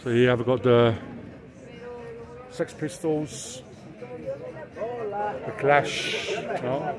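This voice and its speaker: An Englishman talks casually to a handheld camera as he strolls through an outdoor street market, pointing out stalls and chatting with sellers. His voice sits at an ordinary middle pitch, and thick crowd chatter with passing traffic fills in behind him. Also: steady tone, drawn-out words. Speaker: vlogger. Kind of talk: casual walking vlog.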